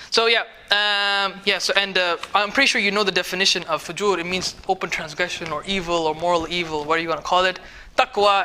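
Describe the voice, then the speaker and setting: A man teaches a casual tafsir lesson to a small group, speaking conversationally, mixing in Arabic words and phrases, and checking that his students are following. His voice sits high and sounds pushed and bright, with a little hiss or hum.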